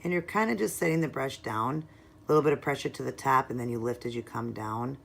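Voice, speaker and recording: Very low, gravelly woman chatting through a tutorial. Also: fast, slight background noise. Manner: chatty, explains each step, drops into soft murmurs while working. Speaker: nail art vlogger. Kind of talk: casual step-by-step tutorial.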